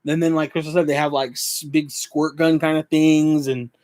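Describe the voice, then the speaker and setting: A man's voice: fairly high pitch, flat delivery, moderate pace, darkish tone. A young man co-hosting a casual chat, laid-back and full of likes and dudes. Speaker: co-host.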